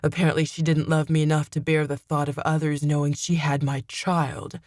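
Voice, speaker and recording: A woman voicing a vengeful male demon father who speaks deep, cold and menacing in an audiobook. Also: level tone, moderate pace, a little mellow, no echo, studio quality.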